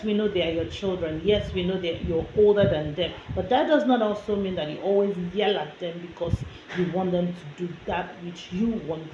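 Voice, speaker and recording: A woman giving a parenting lesson in a conversational lecture style, talking straight to the listener and using lots of "you know" fillers. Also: fairly low pitch. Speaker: parenting instructor. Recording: echoey, muffled, noisy room recording.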